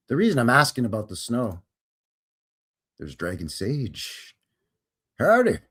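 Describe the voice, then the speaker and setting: A man from Canada hosts a live stream in a folksy, chatty way, greeting his viewers one by one. His pitch swings widely and keeps the talk animated. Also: husky. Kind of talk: casual live-stream chat.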